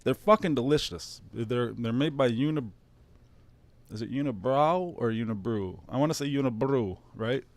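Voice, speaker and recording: A man in his thirties with a Detroit-area accent rambles through a casual stream monologue, swearing freely and playing up mock grief with heavy sarcasm. His voice sits at a middling pitch. The sound is dry and close, with no room echo. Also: moderate pace. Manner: sarcastic, profane, mock-emotional. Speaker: streamer host.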